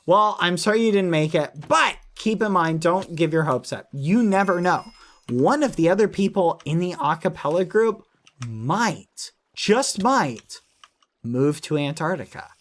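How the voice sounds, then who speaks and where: A man's voice: sits high, expressive, normal speed, fairly bright tone. A rambling, reassuring young male streamer. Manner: reassuring, rambling, apologetic, reads chat and donations. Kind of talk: casual live-stream chat.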